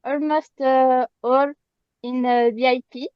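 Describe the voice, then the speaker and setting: A woman with a French accent, a fan speaking in halting, apologetic English as she searches for words on a video call. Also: high voice, steady tone, smooth, dry recording, lo-fi sound. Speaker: fan asking a question. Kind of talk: casual chat.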